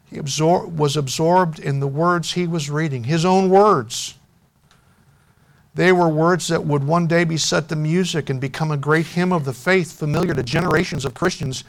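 A man preaching a sermon, telling a story and making an earnest, softening appeal to his congregation. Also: a little high, fairly even intonation, normal speed. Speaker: pastor.

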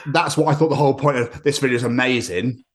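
An English man hosts a podcast, his medium-pitched voice moving at a quick clip. He trades crude jokes and stories in loose banter, swearing heavily, laughing often, and telling tales with real animation.

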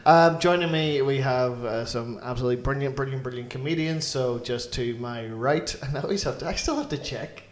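A man's voice: mid-range voice, a little fast, hardly any pauses. A man in his forties with a Northern Irish accent, hosting a casual comedy podcast, laughing often and tripping over names. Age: 40s. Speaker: podcast host. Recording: roomy echo.

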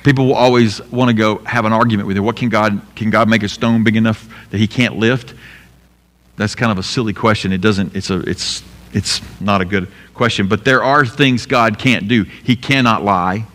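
A pastor giving an emphatic sermon, asking rhetorical questions and repeating key lines. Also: male voice, on the low side, steady tone, moderate pace, a bit bright, big-room sound.

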